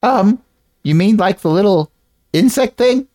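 A man voicing a huge creature who feigns innocence, using a mock-serious, playful voice pitched higher than his own. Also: animated, a little slow, darkish tone, dry recording, studio quality. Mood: mock innocent.

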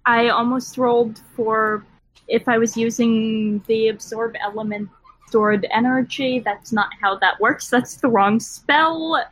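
A woman's voice: fairly high pitch, fairly even intonation, a little slow, fairly bright tone, rough recording. A woman playing a tabletop game, speaking with careful, precise phrasing. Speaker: player. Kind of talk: casual tabletop game play.

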